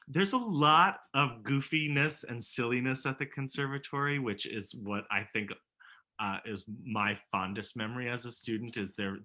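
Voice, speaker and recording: A man with a bright, forward voice talks casually about his conservatory years. He is animated, laughs easily and trips over his own restarts. He comes through a video call. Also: medium pitch. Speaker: musical theater professor and alumnus. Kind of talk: casual reminiscing conversation.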